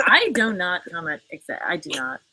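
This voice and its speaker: Bright, chatty woman hosting a livestream. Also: lowish voice, husky, poor audio. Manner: chatty, fillers, frequent cursing; reads and answers viewer comments. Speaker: livestream host. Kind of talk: casual live chat.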